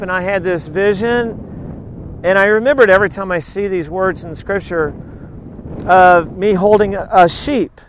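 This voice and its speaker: A middle-aged male pastor with a notably high voice delivers a sermon. He reads scripture aloud and drops into animated, joking asides to his listeners. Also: slight background noise.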